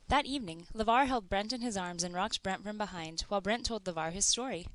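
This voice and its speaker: A woman narrating an audiobook story in a flat, even read-aloud way. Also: mid-range voice, a little fast, few pauses, low-quality recording.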